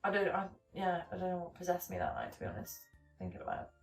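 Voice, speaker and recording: A woman's voice: fairly low pitch, very animated, fast talker. A woman, rambling through stories as a podcast co-host, swearing often and restarting her sentences. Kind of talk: casual chat, storytelling. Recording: echoey room, distant mic, faint music.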